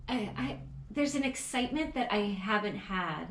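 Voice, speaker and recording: A woman's voice: mid-range voice, expressive, moderate pace, slight background noise. Woman cohost getting worked up, lots of "like", echoey room. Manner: earnest and indignant, many fillers. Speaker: podcast co-host. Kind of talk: casual political chat. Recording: roomy echo.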